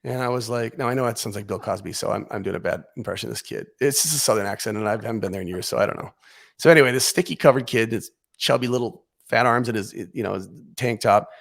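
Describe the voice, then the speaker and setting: A man as a podcast guest, telling a comic story in a casual, animated way, acting out what he and others said. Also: on the low side, fast, vocal fry.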